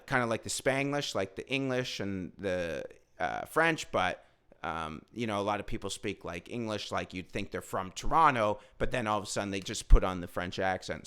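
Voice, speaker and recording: A stand-up comedian tells a rambling story in a loose, casual way, swearing freely and getting animated as he goes. His voice is smooth and crisp, with a forceful, bright edge. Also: mid-range voice.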